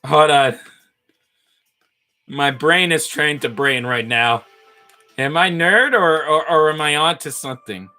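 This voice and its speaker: A man chatting casually on a livestream while he builds, playful and rambling, poking fun at himself as he thinks out loud. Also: on the high side, slow pace, pauses often, faint music behind. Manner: playful, rambling, self-mocking, thinks aloud. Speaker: livestreamer building brick models.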